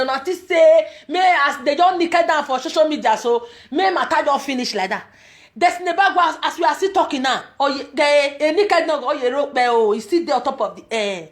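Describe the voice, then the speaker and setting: A woman with a Nigerian Pidgin accent giving a ranting, emphatic commentary as a vlogger, repeating herself and breaking into loud outbursts. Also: very high voice.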